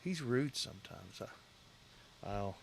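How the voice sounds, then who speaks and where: A man's voice: fairly low pitch, expressive, slow, gravelly, slight background noise. Rambling man chatting on a livestream. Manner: rambling, talks to chat viewers directly. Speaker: livestream host. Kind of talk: casual livestream chat.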